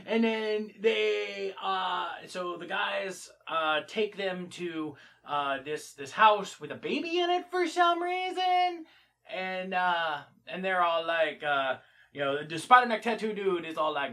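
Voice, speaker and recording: A man's voice: high voice, moderate pace. A man casually retelling and reviewing a movie in a rambling way, full of fillers. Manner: rambling, filler-heavy, animated. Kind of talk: casual reaction vlog.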